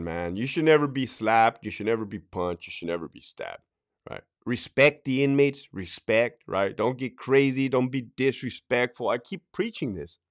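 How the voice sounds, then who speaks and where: A middle-aged man, a former prison officer talking in a blunt, profane way on his podcast and acting out quotes. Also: medium pitch. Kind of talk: casual podcast talk.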